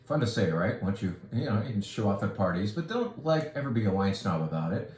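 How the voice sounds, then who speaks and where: A man's voice: lowish voice, sing-song, a little fast, a little mellow, echoey room, slight background noise. A man from California, hosting a wine shop video in a casual, enthusiastic, rambling way. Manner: enthusiastic, rambling, jokey asides. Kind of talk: casual product talk and wine tutorial.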